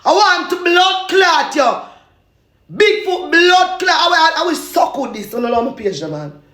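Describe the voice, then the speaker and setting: A Jamaican woman in a loud, repetitive, cursing rant, laughing between insults. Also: very high-pitched, very animated, measured pace, reverberant.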